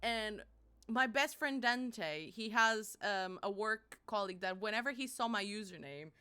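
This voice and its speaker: A young woman streaming live, chatting casually and animatedly, laughing and apologizing a lot and squealing when excited. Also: medium pitch, unhurried, smooth.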